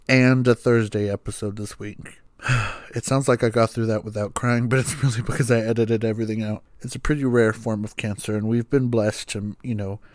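A man's voice: on the low side, a little mellow, no echo, clean studio sound. A young man hosting a podcast, telling a family story in a rambling, casual way, with fillers, swearing and chuckles. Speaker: podcast host.

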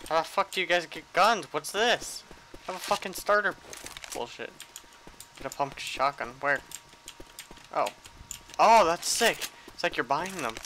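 A young man giving excitable gameplay commentary as a gaming channel host, swearing often and shouting at his teammates. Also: fairly high pitch, slight background noise. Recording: loud game audio behind voice.

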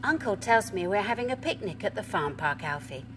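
A woman voicing a friendly, excited young boy. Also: mid-range voice, fairly quick, slight background noise.

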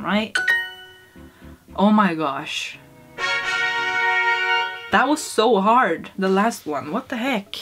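A woman vlogging casually as she tries to learn Spanish, playful and self-mocking, swearing when she gets frustrated. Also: mid-range voice.

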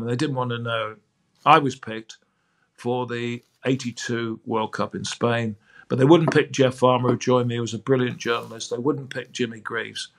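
An older man, a sports broadcaster, telling anecdotes as a guest on a podcast interview. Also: medium pitch. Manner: lively, acts out quoted dialogue.

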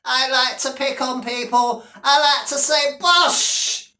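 A man's voice: extremely high pitch, steady tone, takes it slowly, bright, forceful tone, distant mic, heavily acted. A man putting on the voice of a whining, self-pitying grown man to mock him. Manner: mocking, wailing complaints. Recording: roomy echo.

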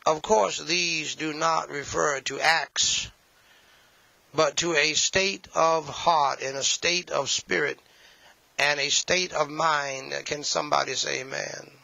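A man's voice: fairly high pitch, steady tone, slow, gravelly, pushed and bright, no echo, highs cut off. A man preaching a sermon, emphatic and repetitive, with folksy asides.

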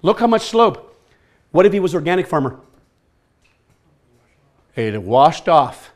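A man presenting a farming workshop to a live audience, energetic and quizzing the listeners as he talks. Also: a little high, measured pace. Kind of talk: lively workshop talk.

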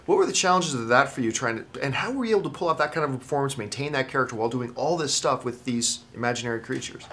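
Bright-voiced upbeat male interviewer. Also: mid-range voice, very fast. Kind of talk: promotional interview questions.

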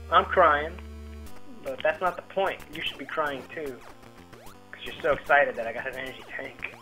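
A man's voice: fairly high pitch, moderate pace, pushed and bright, low-quality recording. A young man casually commenting on his own gameplay, rambling and joking at himself. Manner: rambling, self-mocking, jokey asides. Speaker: let's play host. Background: game music.

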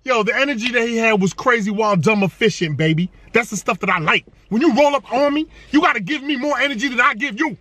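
An energetic man talking casually in a vlog, playful and full of slang. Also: very high-pitched, fast, hardly any pauses, no echo. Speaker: vlogger. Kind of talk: casual hype vlog talk.

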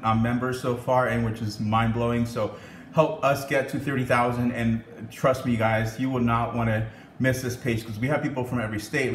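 An upbeat young man chatting his way through a home cooking vlog, friendly and rambling with plenty of ums. His voice bounces around a reverberant kitchen, with a faint hum underneath. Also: mid-range voice. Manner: chatty, upbeat, frequent um and laughs. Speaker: cooking channel host.

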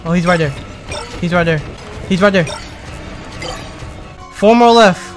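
An excitable man narrates his game playthrough in a high voice, drawling slowly between sudden yelps. Game music plays clearly behind him. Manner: excitable, yelping and pleading. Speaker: gamer.

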